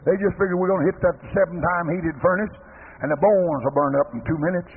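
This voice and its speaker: A man's voice: sits high, a little fast. A man preaching a fervent sermon, rising and falling as he dramatizes Bible stories. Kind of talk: old-time preaching sermon. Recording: tinny lo-fi old sermon tape with faint hiss.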